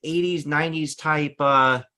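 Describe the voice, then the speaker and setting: A man's voice: fairly high pitch, fairly even intonation, measured pace, crowd noise. A man hosting an interview, casual and chatty, laughing often and using a lot of fillers. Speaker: interview host. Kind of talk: interview conversation.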